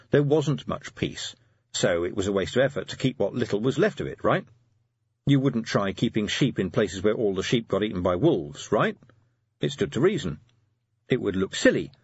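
Husky, wry male audiobook narrator. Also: fairly low pitch, no echo, lo-fi sound. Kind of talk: scripted narration.

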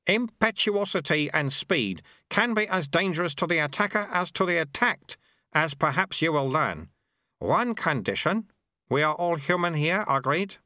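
A man voicing a stern, sharp-tongued old male sweeper monk who snaps his words, in an audiobook. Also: on the high side, lively intonation, normal speed, no echo, studio quality, pitched above the performer's own voice. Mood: stern, scolding. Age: older. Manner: snapping, stern. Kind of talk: audiobook character voice.

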